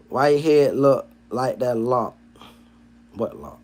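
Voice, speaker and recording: A man hosts a casual livestream at a slow pace, reading chat comments aloud. His slangy, profane talk swings between low mumbled asides and loud, heated rants.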